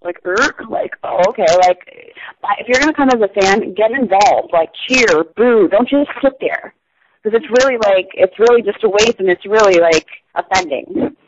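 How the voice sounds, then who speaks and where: A woman's voice: mid-range voice, animated, normal speed. A woman guest in casual chat, talking earnestly and filling with lots of "like". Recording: dull lo-fi sound with noise behind.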